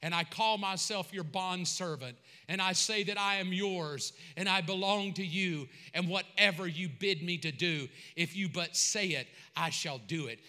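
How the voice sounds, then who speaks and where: A man's voice: high voice, unhurried, hardly any pauses, sharp tone. A man preaching a passionate, dramatic sermon who acts out his own prayers. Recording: long reverb of a large hall.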